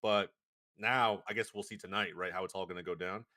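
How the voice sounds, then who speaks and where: A man co-hosting a casual sports talk show, emphatic and animated, repeating his points and laughing often. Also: low-pitched, fairly quick. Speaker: podcast co-host.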